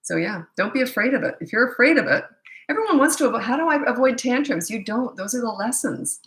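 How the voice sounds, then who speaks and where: A middle-aged woman coaching parents in a live question-and-answer chat, blunt and matter-of-fact, with quick asides. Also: a little high, expressive, roomy sound, rough recording.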